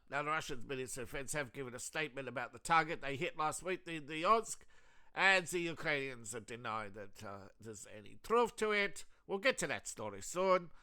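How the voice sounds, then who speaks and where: A man's voice: mid-range voice, bright, forceful tone. An Australian man hosting casual political commentary, sarcastic and rambling, with many fillers and restarts. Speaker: host of a news commentary channel.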